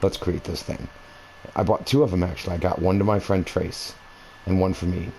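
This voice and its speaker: A man with a deep, mellow voice talks casually over his console gameplay. He wanders from one thought to the next, full of fillers and restarts, and a faint hiss sits under the recording. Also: steady tone, brisk, low-quality recording. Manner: meandering, conversational, many fillers and restarts. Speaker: gaming video creator. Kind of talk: rambling personal storytelling over gameplay. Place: at home, playing a console game.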